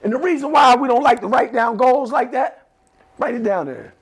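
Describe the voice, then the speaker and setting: A man's voice: very high voice, moderate pace, husky. A man giving an emphatic motivational talk to a class of teenagers, leading them in repeated affirmations. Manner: emphatic, repetitive, leads call-and-response affirmations. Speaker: motivational speaker.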